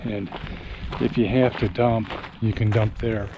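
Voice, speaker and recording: An older man vlogging casually on a morning hike, slightly out of breath and rambling with many pauses, recorded outdoors on a handheld camera. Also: lowish voice, flat delivery, highs cut off. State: a little out of breath. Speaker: RV travel vlogger. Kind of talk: casual walking vlog. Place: outdoors on a mountain campground hillside. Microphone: handheld camera while walking. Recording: outdoor wind and ambient noise.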